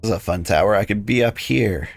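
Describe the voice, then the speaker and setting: Low-voiced man streaming, rambling casually. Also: fast talker, vocal fry, dry recording. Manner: rambling, relaxed, many "like" fillers. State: losing his voice, tired. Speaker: game streamer. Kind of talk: casual live-stream chat while playing.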